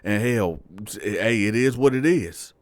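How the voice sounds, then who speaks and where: A man's voice: lowish voice, lively intonation, slow pace, no room sound. A man voicing a swaggering, aggressive older male convict who talks blunt and curses. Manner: brash, blunt, swaggering, cursing.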